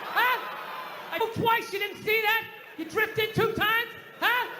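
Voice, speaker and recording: A man putting on the voice of an indignant New York tough guy who shouts at a passerby on a stand-up stage. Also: very high voice, slow, a faint crowd, slight background noise, pitched above the performer's own voice, heavily acted.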